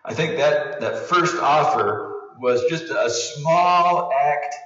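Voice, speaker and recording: Earnest male preacher heard from afar. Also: slow pace. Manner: earnest, swings between raised emphasis and hushed low passages. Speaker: pastor. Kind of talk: sermon. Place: church sanctuary. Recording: roomy, distant, dull sound.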